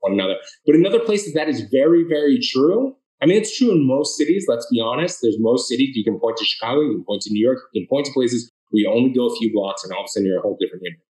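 A man's voice: medium pitch, expressive, very fast, few pauses, a little mellow, reverberant, poor audio. A man from the Boston area answering interview questions, telling his story earnestly and with lots of restarts. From Boston area, Massachusetts. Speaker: author guest.

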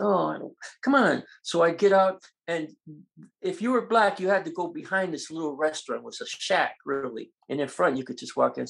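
An older man, a guest in an interview, telling animated stories and acting out the voices of people in them. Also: fairly high pitch, vocal fry. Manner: animated, acts out quoted voices. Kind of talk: storytelling in an interview.

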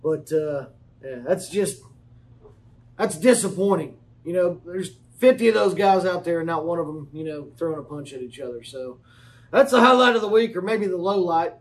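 Man, podcast host, a bit high-pitched, rambling folksy banter, casual swearing, comedic sports rundown. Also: animated, moderate pace. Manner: rambling folksy banter, swears casually, keeps saying "you know what I mean".

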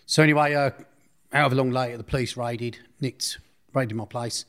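A man's voice: mid-range voice, steady tone, normal speed, a bit bright. A man recounting a personal story in an interview, blunt and slangy, often restarting his sentences.

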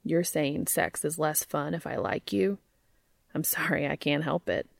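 A woman reading aloud, voicing a sleepy, dry-witted grown man in low, drowsy tones. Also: a little slow, vocal fry, dry recording, full character voice. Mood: earnest.

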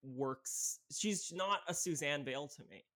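A man guesting on a podcast, rambling through animated casual film talk full of "like". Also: a little high, unhurried. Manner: rambling, filler-heavy, animated.

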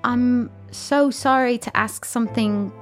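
A woman playing a tabletop game who asks her questions earnestly and gently. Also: a little high, takes it slowly, soft background music. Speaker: player. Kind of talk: tabletop role-play.

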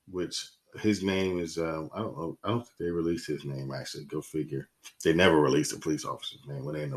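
A man talks in a lowish voice on his solo podcast. He rambles and curses, and his frustration keeps spilling over. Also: darkish tone. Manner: heated, profane, rambling. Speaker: podcast host. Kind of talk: casual solo podcast monologue.

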